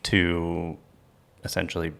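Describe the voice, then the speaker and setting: Podcast host, male, low and gravelly, easygoing and rambling. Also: monotone, slow pace, a bit bright. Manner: loose, joking, rambling. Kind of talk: casual podcast chat.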